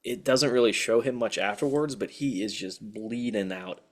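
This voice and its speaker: A man who is a guest on a podcast, chatting in a relaxed, blunt way and swearing casually. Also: medium pitch, moderate pace. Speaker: guest writer. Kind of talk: casual chat.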